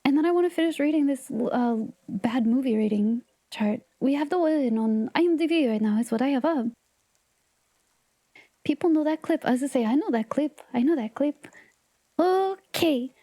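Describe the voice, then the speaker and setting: A woman's voice: high voice, lively intonation, moderate pace, mellow, no echo. A woman hosting a livestream, chatting casually and playfully with viewers, often giggling and sometimes dropping to a whisper. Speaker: livestream host.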